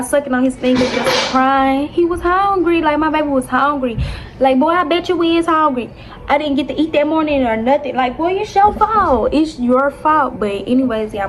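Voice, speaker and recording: Animated young woman telling a storytime. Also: a little high. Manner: animated, dramatic retelling with constant "y'all". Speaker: vlogger. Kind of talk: casual storytime to viewers.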